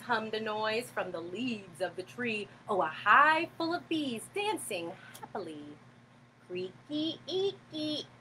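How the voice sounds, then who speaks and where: A woman reads a picture book aloud to a child, high and lively, slow and bright. She throws herself into every sound effect. Faint noise is behind her. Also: poor audio. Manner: animated and expressive, with sound effects. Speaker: parent reading to a child.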